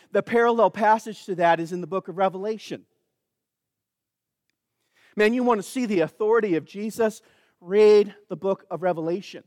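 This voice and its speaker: A man's voice: high-pitched, no room sound, clean studio sound, long reverb tail. A man preaching a sermon, emphatic and calling out to the congregation.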